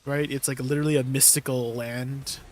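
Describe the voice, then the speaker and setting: A man's voice: mid-range voice, little pitch movement, fairly quick. Young man, livestream host, casual chat, amused, mid-range voice, faint room hum behind. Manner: chatty, easily amused, riffing on chat messages. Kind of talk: casual chat with viewers while gaming.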